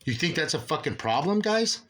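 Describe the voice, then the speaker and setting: A man's voice: fairly high pitch, big pitch swings, a little fast, fairly bright tone, slight background noise. A man in an agitated, profane monologue, rambling with many restarts as an aggrieved father ranting about officials. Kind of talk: angry monologue.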